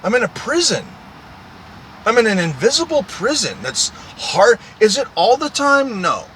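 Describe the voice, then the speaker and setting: A man's voice: high-pitched, very animated, a little slow, pushed and bright, a little hiss or hum. A man, a truck driver, in a profane, repetitive, aggrieved ranting monologue.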